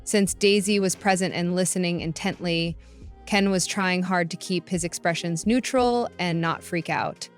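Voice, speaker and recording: Low-voiced woman narrating a revenge story. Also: normal speed, faint music behind. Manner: emphatic, indignant.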